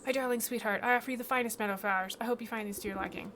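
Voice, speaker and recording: A woman's voice: fairly high pitch, steady tone, racing, fairly bright tone, slight background noise, natural voice. A woman voicing a timid, lovesick male beekeeper who stammers and fawns over his queen. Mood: doting. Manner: fawning, stammering.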